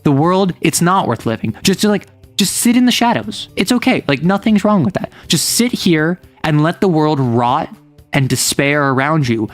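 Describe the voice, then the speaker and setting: A man's voice: fairly high pitch, animated, moderate pace, soft background music, close to an everyday voice. A man voicing a creature born of despair, an ogre that soothingly coaxes people to give up and wallow. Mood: coaxing, lulling. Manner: soothing, lulling, coaxing. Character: coddling despair-spawned ogre creature luring into gloom.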